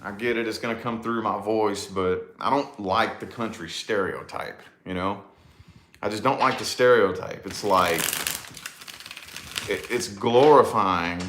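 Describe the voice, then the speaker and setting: A man's voice: on the low side, measured pace, a bit bright, a little hiss or hum. A man with a Tennessee accent chatting casually, rambling and repeating himself with lots of "you know what I mean.". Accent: Southern US, Tennessee. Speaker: vlog host, musician. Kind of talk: casual chat. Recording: roomy echo.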